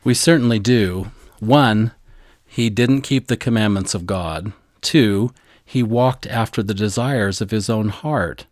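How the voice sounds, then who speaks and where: This is a man co-hosting a scripture lesson podcast, and his voice sits a bit low. He is eager and deliberate, taking care over how names are pronounced. The sound is dry and close, with no room around it. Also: no echo. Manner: eager, deliberate, spells out pronunciations. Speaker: podcast co-host teaching scripture.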